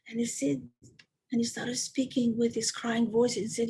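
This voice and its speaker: Gravelly-voiced woman telling a story. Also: on the high side, moderate pace, rough recording. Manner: emphatic, animated storyteller. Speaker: rebbetzin teaching a women's class. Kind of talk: storytelling talk.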